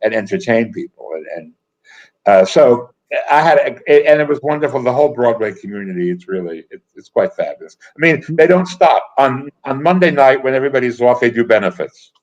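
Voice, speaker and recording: Older man, wry anecdotes, mid-pitched voice, muffled low-fi audio, relaxed guest chat. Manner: anecdotal, wry, quick asides with laughs. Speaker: guest, comedy writer and actor. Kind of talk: casual interview chat. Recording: dull lo-fi audio.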